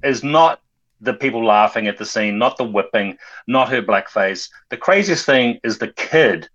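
Guy rambling excitedly about a movie, average pitch, a bit dull lo-fi audio. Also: moderate pace. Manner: rambling, enthusiastic. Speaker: film podcast panelist. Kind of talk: casual film discussion.

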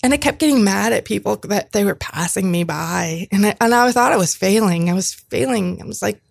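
A woman in her fifties tells a personal story as an interview guest, with a gravelly, creaky edge to her voice. She speaks earnestly, often restarting and repeating herself. The recording is dry and close, with no room sound. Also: mid-range voice, expressive, brisk, no room sound. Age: 50s. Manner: earnest, with frequent restarts and repetitions.

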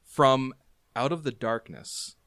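Running a tabletop game, this man lays out rules and paints scenes at a brisk clip, sprinkling in fillers. His voice is medium-pitched, a bit bright, clear and resonant, with no room sound.

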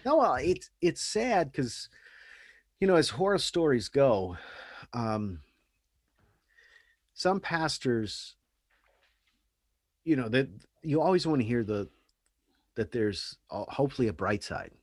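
A man with a mid-pitched voice tells stories in a casual podcast conversation. He is animated and earnest as he talks. The sound is dry and close. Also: slow pace, long pauses, no echo. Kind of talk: casual podcast chat, storytelling.

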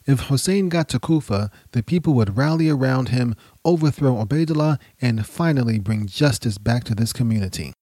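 A man narrating a history podcast in a measured, dramatic storytelling manner. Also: mid-range voice, lively intonation, dark tone, dry recording.

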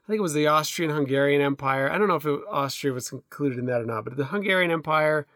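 Rambling middle-aged man, fairly high voice. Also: fast talker, fairly bright tone, dry recording, clean studio sound. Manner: rambling, hesitant, many restarts and fillers. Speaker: podcast co-host. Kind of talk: casual chat.

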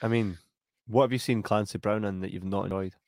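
A Scottish man co-hosting a podcast, chatting about a film in a relaxed way and laughing a lot. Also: fairly low pitch, a little fast, no echo, studio quality. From Scotland. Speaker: podcast co-host. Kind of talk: casual film chat.

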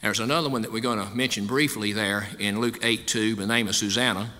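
A man's voice: fairly low pitch, fairly even intonation, fast talker, sharp tone. A man, a pastor, giving a sermon in a folksy, conversational way, recorded in a church sanctuary. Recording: long hall reverb.

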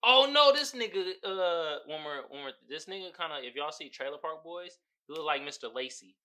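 A male podcast host with a piercing, bright voice that jumps all over the place as he talks. He riffs on memes in loose, profane slang and breaks into laughter often. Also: on the high side, lively intonation, normal speed. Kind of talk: casual comedic commentary on memes.

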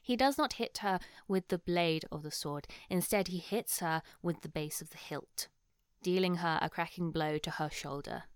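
A woman narrating calmly as game master of a tabletop game. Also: on the low side, normal speed, smooth, no echo, studio quality.

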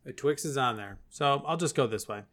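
A man with an ordinary middle-pitched voice co-hosts a live stream in easygoing chat. He rambles, trails off and picks his thread back up. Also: lively intonation, fairly quick, fairly bright tone. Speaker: podcast co-host.

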